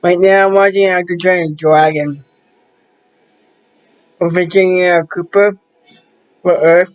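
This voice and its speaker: A man chatting casually to the camera as a vlogger, rambling in halting, loosely strung phrases. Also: sits high, fairly even intonation, clear, resonant tone, muffled recording.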